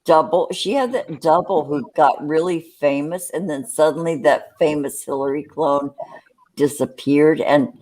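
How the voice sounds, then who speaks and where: A man's voice: fairly high pitch, measured pace, darkish tone. A man co-hosting a podcast, musing in a rambling, hesitant way. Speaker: podcast co-host. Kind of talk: casual chat.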